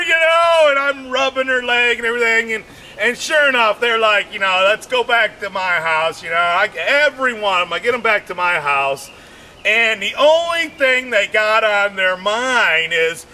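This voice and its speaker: Male stand-up comic, very high and sharp voice, rambling delivery with shouted punchlines. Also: moderate pace. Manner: rambling, animated, constant fillers, shouted punchlines. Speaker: stand-up comedian. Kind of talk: stand-up comedy routine.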